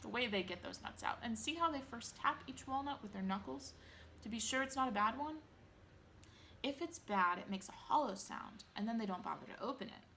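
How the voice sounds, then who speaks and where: A woman voicing an eccentric, excitable male chocolate maker in a storybook reading, brisk and insistent. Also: fairly high pitch, a little hiss or hum. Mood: explaining.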